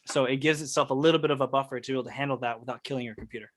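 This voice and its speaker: Male instructor on a video call, easygoing and technical, mid-pitched voice, talking through audio settings. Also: rapid-fire. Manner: relaxed, technical explaining with fillers. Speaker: music production instructor. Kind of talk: casual online workshop teaching.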